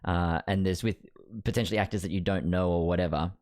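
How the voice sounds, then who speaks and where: A young man hosting a casual chat, thinking out loud in a measured way. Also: sits low, steady tone, no room sound, studio quality. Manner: thoughtful, measured, hesitant fillers. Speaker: host.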